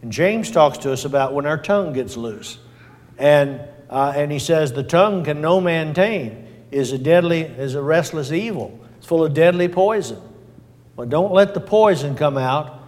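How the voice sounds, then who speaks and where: A man's voice: fairly high pitch, lively intonation, moderate pace, a little mellow. A man preaching a sermon in a folksy, plain-spoken way, repeating his points and working in small fillers. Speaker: pastor. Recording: long hall reverb.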